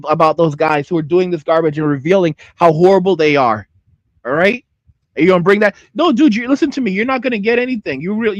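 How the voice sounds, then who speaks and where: High-pitched guy going off at his stream chat, angry, says stuff twice, dry close sound. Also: no room sound. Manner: angry, heated, repeats himself. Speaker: channel host. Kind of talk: livestream rant reacting to chat.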